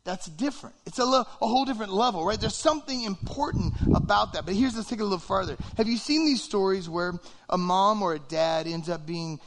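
High-voiced man preaching a chatty sermon. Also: a little fast, few pauses. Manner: conversational, animated, acts out quotes. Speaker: pastor.

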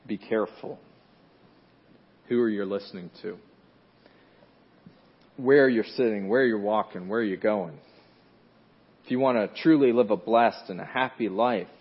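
A man preaching a sermon in a conversational way, telling a story with fillers and restarts and rising loud and high at dramatic moments. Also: husky. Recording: dull lo-fi recording.

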